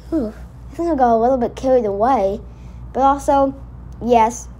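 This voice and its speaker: Brief: high-pitched woman, reaction host, indignant rambling rants aimed at the screen. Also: normal speed, long pauses, mellow. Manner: indignant, rambling, talks back at the cartoon. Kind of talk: casual reaction commentary.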